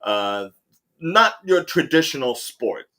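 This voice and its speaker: A man hosts a casual podcast chat in a medium-pitched voice. He rambles through his points and leans on fillers as he thinks aloud. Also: very animated, slow pace, bright, forceful tone. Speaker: host.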